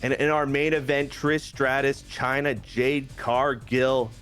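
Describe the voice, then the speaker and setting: A man who is getting over a cold, casually narrating wrestling matches from a video game storyline in a lively play-by-play. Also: mid-range voice, unhurried, soft background music. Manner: lively play-by-play recap with asides. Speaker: game player and general manager.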